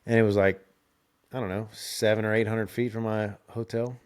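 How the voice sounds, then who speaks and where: A man's voice: lowish voice, level tone, normal speed, smooth. A young man, telling rambling stories in a casual podcast chat and laughing often. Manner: rambling, laid-back, laughs often, restarts. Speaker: podcast host.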